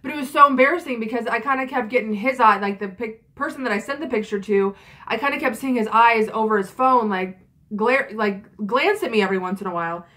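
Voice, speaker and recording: A woman's voice: fairly high pitch, fairly quick, pushed and bright. A young woman in her twenties telling a story in a casual vlog, chatty and frank, with lots of fillers and swearing. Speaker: vlogger.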